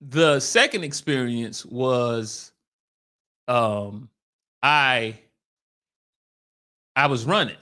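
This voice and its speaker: A man co-hosting a podcast, telling a story in casual chat, animated and laughing, often stammering and restarting his sentences. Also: medium pitch, drawn-out words, pauses often. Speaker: podcast co-host.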